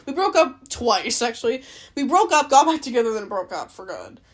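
Rambling young Canadian woman, lively voice. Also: on the high side, normal speed, slightly rough. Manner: rambling, swears a lot, laughs often. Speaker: podcast host. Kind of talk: casual solo chat.

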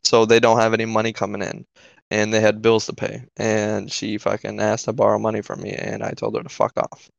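Brief: man co-hosting a podcast, rambling and profane, with a gravelly voice in a muffled lo-fi recording. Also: fairly low pitch, normal speed, no echo. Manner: profane, filler-heavy, keeps asking "right?". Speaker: podcast co-host. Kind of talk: casual storytelling. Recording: dull lo-fi dry recording.

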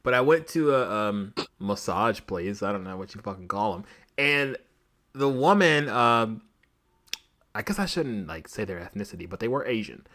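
A young man chats on a podcast in a bright, forceful voice. He tells a crude story, laughs often and acts out what other people said. He keeps it casual and loose. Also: fairly low pitch, lively intonation, moderate pace. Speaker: podcast co-host.

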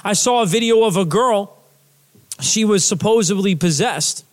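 High-voiced man preaching conversationally. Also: moderate pace. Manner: conversational preaching, many fillers and restarts; emphatic repetition of key phrases. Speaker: pastor. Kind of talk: sermon.

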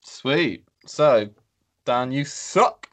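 A man's voice: medium pitch, animated, extremely slow, a bit bright. A man co-hosting a podcast, chatting casually in a sweary, self-mocking, rambling way. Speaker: podcast co-host. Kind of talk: casual chat.

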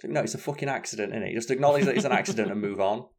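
A man's voice: fairly low pitch, very fast. A man co-hosting a stream in casual chat, blunt and swearing often.

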